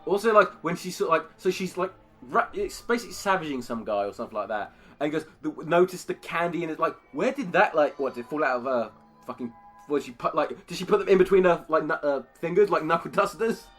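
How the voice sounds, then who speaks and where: High-voiced male co-host, joking banter. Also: lively intonation, fast talker, a bit bright, faint music behind. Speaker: podcast co-host. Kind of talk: comedic commentary.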